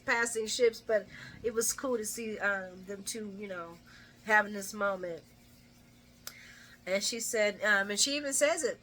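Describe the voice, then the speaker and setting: Bright-voiced chatty woman recapping. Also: medium pitch, a little slow, a little hiss or hum. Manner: chatty, animated, laughs often. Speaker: soap opera recap vlogger. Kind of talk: casual chat recapping an episode.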